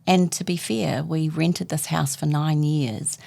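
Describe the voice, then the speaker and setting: Gravelly low-voiced woman storyteller. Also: steady tone, measured pace, mellow. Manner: vivid storyteller acting out quoted dialogue. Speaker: guest author. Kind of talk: personal storytelling in conversation.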